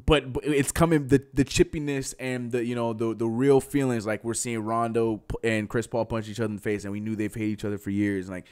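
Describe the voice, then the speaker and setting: A man co-hosting a casual sports podcast, talking in an animated, excitable way and often repeating himself. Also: mid-range voice, fairly quick, hardly any pauses, clear, resonant tone. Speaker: podcast co-host.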